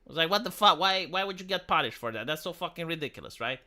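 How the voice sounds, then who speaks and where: A male live streamer from Romania rants with heated, profane indignation. His voice is very bright and sharp-edged, and his pitch swings widely as he restarts his sentences. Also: expressive, fast, hardly any pauses. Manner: stumbling restarts. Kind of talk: ranting commentary on a live stream.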